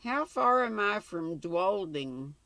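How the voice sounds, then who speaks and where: An older woman voicing a determined young male traveler lost in the snow, speaking earnestly and briskly. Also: medium pitch, sing-song, bright, forceful tone, no room sound, voice pushed up, heavily acted.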